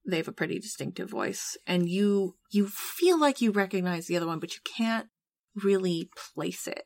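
A woman narrating as game master of a tabletop game, halting and often breaking into laughter. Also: mid-range voice, animated, creaky, darkish tone, dry recording.

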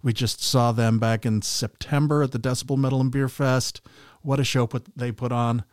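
A man hosting a podcast, briskly introducing each record in casual chat. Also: medium pitch, steady tone, darkish tone, dry recording, clean studio sound. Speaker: podcast host.

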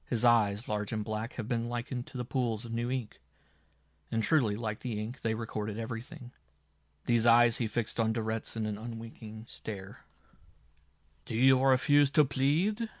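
A man reading a dark historical story aloud, with a dramatic, expressive delivery. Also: fairly low pitch, moderate pace, no echo, clean studio sound. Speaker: audiobook reader. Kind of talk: scripted narration.

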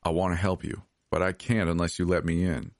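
A man voicing a protective young man in a horror story, gentle and pleading, close to his own low voice. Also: moderate pace, no echo.

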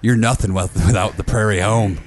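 A man co-hosting a podcast in casual chat, an animated storyteller who swears and jumps into mock voices. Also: on the low side, moderate pace. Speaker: podcast co-host.

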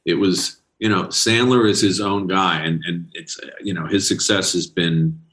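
This middle-aged New Englander, a guest actor in a casual interview, speaks in a deep, slightly bright voice that is a little slow with fairly even intonation. He tells anecdotes, laughs between stories, and does voices when quoting people.

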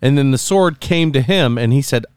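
A man casually discussing a movie on a podcast, animated and acting out characters in funny voices. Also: mid-range voice, moderate pace, smooth, no room sound, clean studio sound.

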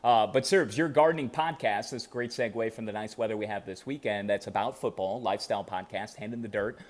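A man's voice: fairly low pitch, a little fast. A young adult man from Chicago co-hosting a sports podcast, telling stories with lots of energy in casual chat. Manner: energetic, animated storytelling. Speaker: podcast co-host.

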